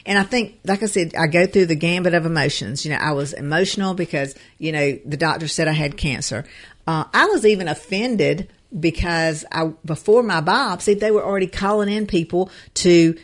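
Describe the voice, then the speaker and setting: A woman's voice: on the low side, moderate pace. A woman co-hosting a live show, speaking earnestly with many fillers and restarts. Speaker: show co-host. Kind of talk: casual live show talk.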